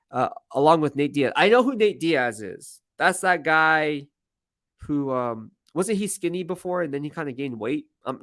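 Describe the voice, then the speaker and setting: A man's voice: a little high, no echo, studio quality. Rambling man hosting a live Q&A. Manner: rambling, self-deprecating storyteller. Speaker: sports team reporter. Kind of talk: casual live-stream Q&A. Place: media workroom at team headquarters.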